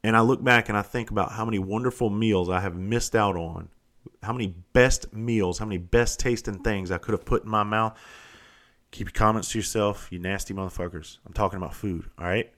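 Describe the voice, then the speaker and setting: A vlogger in his forties from the Southern United States talks in a fairly low, fairly quick voice. In a casual monologue he tells a rambling, profane story, animated and constantly interrupting himself.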